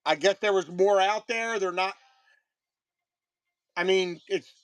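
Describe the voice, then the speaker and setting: A man's voice: high-pitched, takes it slowly, clean tone, no echo. A man in his thirties selling trading cards on a live stream, chatting casually in a rambling way with frequent restarts. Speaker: card seller on live stream.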